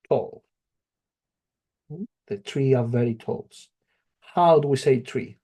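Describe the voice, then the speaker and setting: A man teaching a Spanish lesson, slow and patient, repeating each phrase. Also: medium pitch, expressive, warm tone. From not from England. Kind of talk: slow spoken language lesson.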